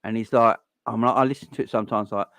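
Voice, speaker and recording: A man's voice: on the low side, fairly even intonation, quick pace, fairly bright tone, dry recording. Exasperated man ranting live. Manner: exasperated, repetitive, swears. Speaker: fan channel host. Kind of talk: live-stream football rant.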